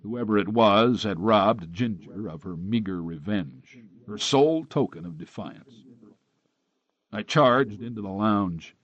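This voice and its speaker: A man narrating a crime novel in the first person with a steady, hard-boiled delivery. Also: on the low side, a little slow. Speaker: audiobook narrator. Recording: dry, dull close-miked recording.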